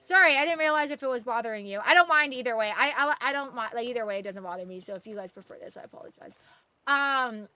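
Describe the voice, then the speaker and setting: A high, bright-voiced young woman chats her way through a game stream. She rambles casually and thanks viewers by name as she reads chat. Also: fast talker, few pauses, no room sound. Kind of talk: casual live-stream chat while gaming.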